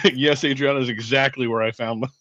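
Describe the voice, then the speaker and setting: A man's voice: medium pitch, fairly even intonation, a little fast, fairly bright tone, lo-fi sound, a little hiss or hum. A man co-hosting a casual live stream, joking and teasing, with laughs between his remarks. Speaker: co-host.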